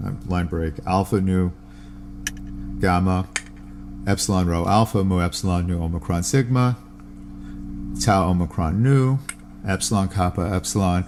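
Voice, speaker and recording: With background noise behind him, a low-pitched male podcast host reads from a classical text. He breaks in with plain asides and spells out Greek words one letter at a time.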